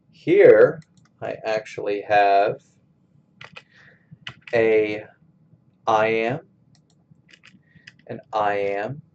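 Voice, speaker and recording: A man teaching a college English class in a recorded screencast lecture, explaining step by step in a slow, methodical way. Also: on the low side, darkish tone, highs cut off.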